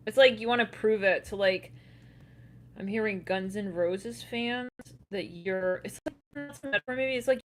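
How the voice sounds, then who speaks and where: Woman doing a laid back tarot reading, talks a lot, laughs a lot, swears here and there, medium pitch. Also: moderate pace. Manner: chatty, laughs often, swears casually. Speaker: tarot reader.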